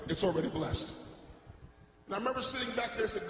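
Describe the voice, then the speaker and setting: A middle-aged man preaching his testimony with earnest, emotional storytelling. His voice is high for a man. It rings through a big echoey church with a long reverb tail and steady noise behind him. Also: fast talker. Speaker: gospel singer giving testimony. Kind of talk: testimony sermon. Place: church, live before a congregation.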